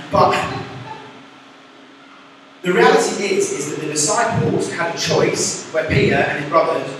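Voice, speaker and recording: Young male preacher, chatty and animated, distant mic in an echoey church hall with audible room noise. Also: a little high. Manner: chatty, animated, acts out quotes. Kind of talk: casual youth sermon.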